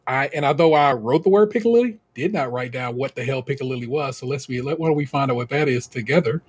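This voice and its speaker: A man co-hosting a podcast, recapping in a casual, slangy, animated way and laughing often. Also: medium pitch, fast talker, husky. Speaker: podcast co-host.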